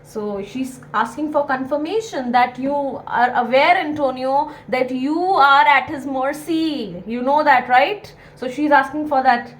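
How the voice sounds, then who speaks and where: A woman's voice: high-pitched, a little slow, few pauses, rough recording. A young woman, explaining a play to students in an earnest, repetitive way with many fillers. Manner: earnest, repeats key points with many fillers. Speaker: teacher.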